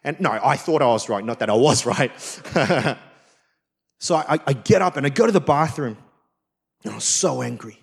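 A male pastor delivering a sermon, telling a personal story with lively swings between loud emphasis and quiet, soft lines. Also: mid-range voice, normal speed, gravelly, husky. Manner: acts out quoted voices.

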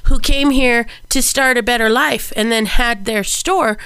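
A woman co-hosting a podcast in casual chat, her voice pitched on the higher side. She vents with heavy feeling and curses freely. The sound is close and dry, with no room echo. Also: unhurried, sharp tone, clean tone. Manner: upset, venting, swears freely. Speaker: podcast co-host.

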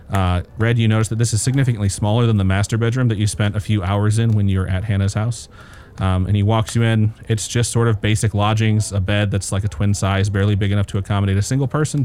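Low-voiced man narrating as game master. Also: slight background noise. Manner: relaxed, descriptive, many "uh" fillers.

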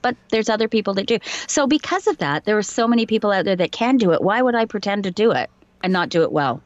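A woman's voice: mid-range voice, animated, fast talker, no room sound, lo-fi sound. A woman voice actor with a light received pronunciation English accent, chatting casually in an interview and explaining with examples in a modest, self-deprecating way. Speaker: voice actor guest.

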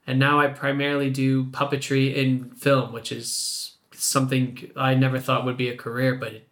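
A man's voice: mid-range voice, monotone, moderate pace, fairly bright tone. A Canadian man in his thirties, a podcast guest chatting casually and laughing often as he tells a story. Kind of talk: casual chat.

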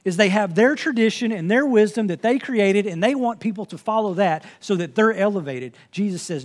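A man's voice: high voice, lively intonation, brisk, hardly any pauses. A man preaching a sermon from the pulpit, earnest and conversational, quoting scripture as he teaches. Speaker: pastor.

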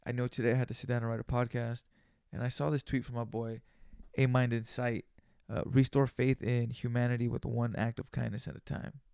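A man's voice: mid-range voice, little pitch movement, a little fast, vocal fry, a little mellow, smooth, no echo, studio quality. A man hosting a solo podcast, talking in a loose, profane, rambling rant. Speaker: podcast host.

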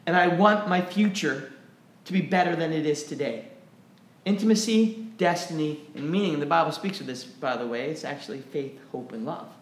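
A man preaching a sermon in an animated way, often repeating words as he gets going. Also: on the high side, normal speed, reverberant, slight background noise. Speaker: pastor. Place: church.

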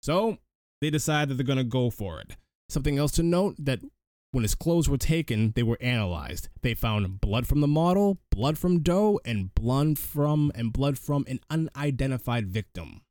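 Male podcast host, animated recap delivery, dry close-miked sound. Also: mid-range voice, normal speed, no echo. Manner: animated storyteller, frequent restarts. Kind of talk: casual film recap chat.

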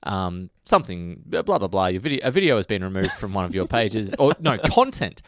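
A young man chats on a podcast, his voice deep but very lively in pitch. He tells stories with energy and laughs often. The sound is close and dry. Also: a little fast, clean tone, no echo. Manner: animated storyteller, laughs often, jumps into high mock voices. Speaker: podcast co-host. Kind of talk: casual chat.

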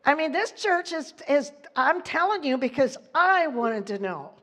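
A woman delivers a loose, conversational sermon at an unhurried pace, her voice sitting on the higher side. She leans hard on key words, laughs often and loses her place in the text. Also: sing-song, a bit bright. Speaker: preacher. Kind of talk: informal sermon.

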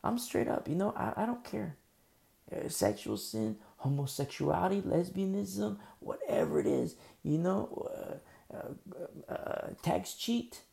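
Gravelly, deep-toned male preacher. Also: animated, unhurried, dark tone. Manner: vivid storytelling, conversational with many fillers; acts out dialogue of biblical scenes. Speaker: pastor. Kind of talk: sermon.

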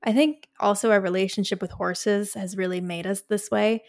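A woman co-hosting a podcast in casual chat, speaking in a relaxed, reflective way. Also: medium pitch, normal speed. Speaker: podcast co-host.

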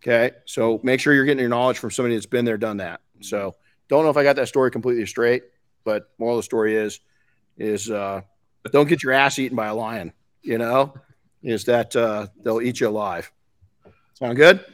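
A man's voice: medium pitch, a little fast, no room sound, clean studio sound. A man hosting a podcast in casual chat, frank and rambling, swearing casually. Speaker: podcast host.

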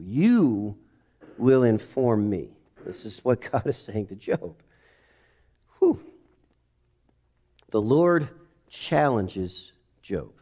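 A man preaching a sermon, moving between quiet reflective passages and loud, rising exclamations. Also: mid-range voice. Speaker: pastor.

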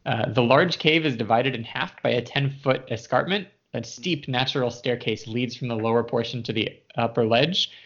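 A man narrating a tabletop game as game master, chatty and relaxed with many fillers. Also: mid-range voice, moderate pace, few pauses. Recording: dull lo-fi audio.

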